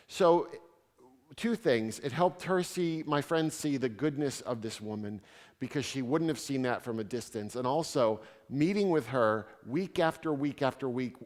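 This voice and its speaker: A man speaking as a visiting theologian, answering audience questions with stories and wry asides. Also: medium pitch. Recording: reverberant hall sound.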